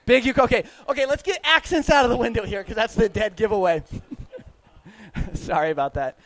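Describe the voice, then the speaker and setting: A man's voice: high voice, normal speed, fairly bright tone, no echo, low-quality recording. A man, a youth minister, giving a casual, chatty faith talk, laughing often and putting questions to the audience.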